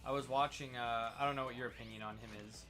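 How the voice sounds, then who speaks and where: A man's voice: mid-range voice, fairly even intonation, quick pace, over music. A man chatting casually on a podcast, retelling a comedy bit and acting out quotes. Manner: storytelling, acts out quotes loudly. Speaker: podcast co-host. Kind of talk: casual chat.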